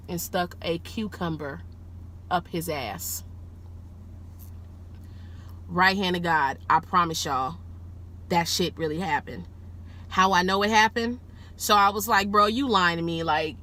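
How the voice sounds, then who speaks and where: A woman who drives rideshare speaks to the camera from behind the wheel, recounting a story in a relaxed, lively way, swearing freely, her pitch shooting up whenever she gets excited.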